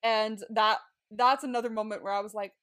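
A woman co-hosting a podcast in casual chat, excitable, laughing often and swearing casually. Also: a little high, brisk, clear, resonant tone. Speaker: podcast co-host.

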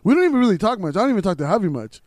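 A man's voice: high voice, sing-song, very fast, darkish tone, no room sound. A young man hosting a podcast in casual banter, teasing his friend, laughing often and swearing freely. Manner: teasing, laughs a lot, profane. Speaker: podcast host.

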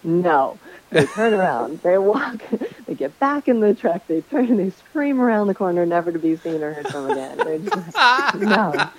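Lively woman telling a host story. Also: fairly low pitch, a little slow, low-quality recording. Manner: animated storyteller, acts out quotes. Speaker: Airbnb host sharing stories. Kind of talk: casual chat.

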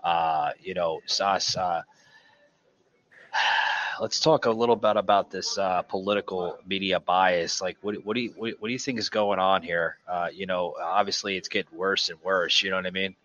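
Man, very low voice, bright edge, podcast host, halting speech full of fillers, dull lo-fi audio. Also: fairly even intonation. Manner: hesitant, many fillers and restarts. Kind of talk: casual podcast chat. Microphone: studio mic.

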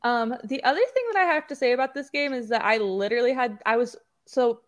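A woman's voice: a little high, fast. A young woman co-hosting a podcast, chatting casually and giggling often as she talks. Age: young adult. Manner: giggly, chatty, laughs often between phrases. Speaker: podcast co-host. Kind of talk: casual chat.

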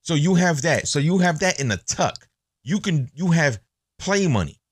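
A man's voice: on the high side, normal speed, slightly rough, dry recording, studio quality. A man hosting a podcast, talking in a blunt, profane, casual monologue. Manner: blunt, profane, animated storytelling. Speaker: podcast host.

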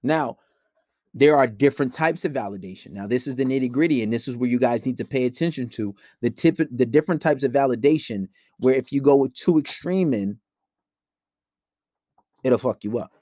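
A man's voice: medium pitch, brisk, dark tone, dry recording, studio quality. A man giving blunt, profane dating advice in a casual monologue, acting out quoted dialogue between couples.

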